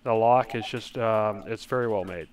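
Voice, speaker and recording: A man's voice: lowish voice, moderate pace. A man narrating a tabletop game as game master, hesitant and full of fillers, over online voice chat.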